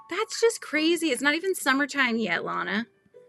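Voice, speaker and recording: A woman's voice: high voice, sing-song, a little fast, vocal fry, pushed and bright, soft background music. A woman hosting a casual live stream, chatting and giggling as she reads viewer comments aloud. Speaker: livestream host chatting with viewers. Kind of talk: casual live-stream chat while crocheting.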